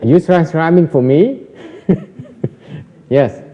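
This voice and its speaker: Dark-toned man teaching in a reverberant hall. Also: on the high side, expressive, slow pace. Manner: teasing, repetitive, engages the audience. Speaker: Buddhist teacher. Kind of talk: Dharma lecture with audience questions. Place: temple lecture hall. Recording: dull audio with hall reverb.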